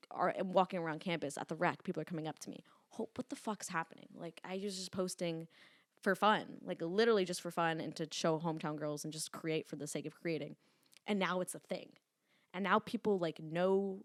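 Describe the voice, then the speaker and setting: With no echo and a dry, close sound, a young woman around 20 talks in a fairly low voice. A lifting influencer appearing as a podcast guest, she's candid and rambling in casual chat, telling animated stories peppered with "like" and swear words.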